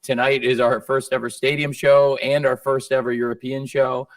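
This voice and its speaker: Promoter guy talking up his company, mid voice, kinda halting, dry and far from the mic. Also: medium pitch, level tone, dry recording. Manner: upbeat, measured, a little halting. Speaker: wrestling promoter. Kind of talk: press conference answers. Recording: dry sound from a distant mic.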